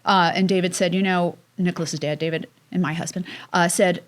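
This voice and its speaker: A middle-aged woman, a guest mother, telling a personal story in an emotional, halting way on a casual podcast. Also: lowish voice, steady tone.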